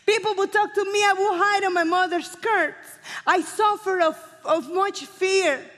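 Fervent high-voiced woman preacher, Spanish accent. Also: fairly even intonation. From Spanish-speaking country. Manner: fast-talking, impassioned, swings from loud to hushed. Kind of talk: evangelistic sermon with altar call. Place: church hall. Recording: long hall reverb with soft music. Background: musicians playing softly.

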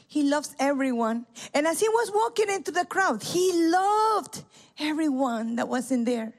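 A woman preaching a sermon at a church service, impassioned, swinging from loud cries to hushed tones. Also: sits high.

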